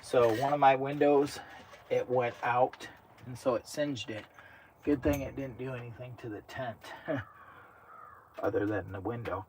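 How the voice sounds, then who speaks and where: A man's voice: mid-range voice, steady tone, measured pace. Laid-back man muttering at a noisy campsite. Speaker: vlogger. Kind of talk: casual camping vlog. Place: outdoors at a campsite by a tent.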